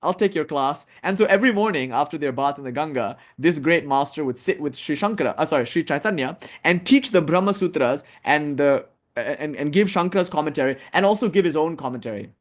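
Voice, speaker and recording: A man giving a casual, animated spiritual lecture, telling stories and acting out what people say. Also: fairly high pitch, fast talker. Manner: animated storytelling, casual, acts out quotes. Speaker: spiritual teacher.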